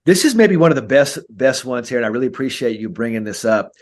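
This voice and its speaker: A man, a mental skills coach, talking in a podcast interview and acting out coach and player dialogue. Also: fast talker. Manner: animated, acts out coach and player dialogue with big pitch jumps.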